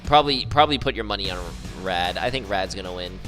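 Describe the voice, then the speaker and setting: A man's voice: sits low, expressive, fast, music in the background. A male streamer chatting casually and joking around, repeating words as he tries out pronunciations.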